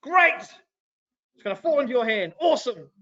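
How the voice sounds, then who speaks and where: A man's voice: very high voice, very animated, moderate pace, bright, forceful tone, pitched above the performer's own voice, heavily acted. A man voicing a sarcastic male prophet who mocks a king with exaggerated sing-song cheerfulness. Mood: mock cheerful. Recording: dull lo-fi recording.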